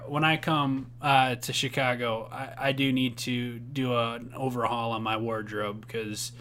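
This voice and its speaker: A young man co-hosts a casual podcast, his voice bright and forward. He jokes around constantly and laughs often, throwing in quick bursts of excitement. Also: mid-range voice, a little hiss or hum. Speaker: podcast co-host. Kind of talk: casual chat.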